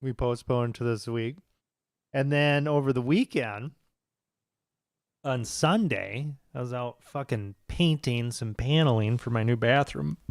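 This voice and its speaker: A man's voice: mid-range voice, no echo, studio quality. An American man in his thirties co-hosting a podcast, telling rambling stories with lots of swearing. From United States. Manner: profane, rambling storyteller. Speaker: podcast co-host. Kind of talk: casual chat.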